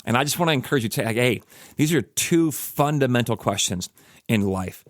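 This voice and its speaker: A man's voice: mid-range voice, expressive, brisk, no room sound, clean studio sound. A man hosting a reflective podcast, telling a story casually with lots of "like" and "you know". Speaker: podcast host.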